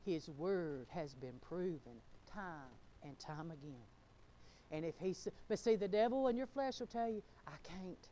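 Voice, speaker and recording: A middle-aged woman pastor, preaching a fervent sermon that swings between loud exclamations and low, laughing asides. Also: slight background noise.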